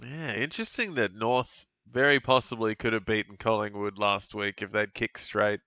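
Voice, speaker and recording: Male host, live match reactions, bright smooth tone, dry dull lo-fi recording. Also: on the low side, moderate pace, no echo. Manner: reactive, exclaiming at plays, chatty. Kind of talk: live fantasy sports watch-along commentary. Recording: dull lo-fi dry mic sound.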